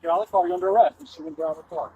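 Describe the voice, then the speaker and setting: A man's voice: fairly high pitch, fairly even intonation, rapid-fire, warm tone, husky, no echo, highs cut off. A male police officer giving a matter-of-fact account of an arrest, recorded outdoors on a body camera. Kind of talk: radio and report talk. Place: outdoors by a roadside.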